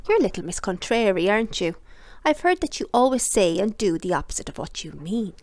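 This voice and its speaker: A woman voicing a cheerful, friendly man in a storybook reading, warm and amused. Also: mid-range voice, sing-song, brisk, no room sound.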